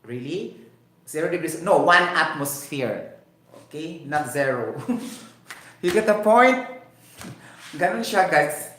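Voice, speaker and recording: A man's voice: a little high, lively intonation, takes it slowly, long pauses, fairly bright tone. A man with a Filipino Cebuano accent teaching chemistry in a chatty online lecture, often checking with his students. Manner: chatty, code-switching, asks "okay?" often. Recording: echoey room.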